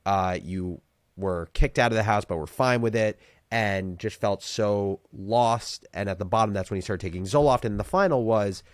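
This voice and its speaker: A man hosting an interview, calmly summarizing and posing questions. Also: fairly low pitch, moderate pace, no echo, studio quality. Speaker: podcast host. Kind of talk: interview conversation.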